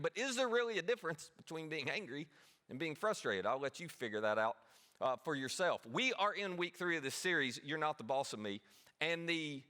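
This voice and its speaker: Bright-voiced pastor, chatty sermon. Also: male voice, fairly high pitch. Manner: conversational and self-deprecating, with rhetorical questions.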